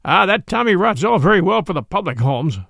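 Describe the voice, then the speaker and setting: A man reading aloud, voicing a big, scowling male author who talks in a gruff, threatening way. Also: high-pitched, big pitch swings, a little fast, fairly bright tone, no room sound, studio quality, heavily acted. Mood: gruff threat.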